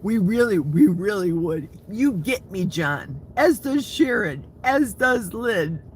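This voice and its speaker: Outdoors in a forest, a Wisconsin man in his sixties hosts a live chat, reading viewer comments aloud, speaking directly to his audience and laughing often. His voice is high and expressive, his pace slow, with a little hiss or hum on the recording.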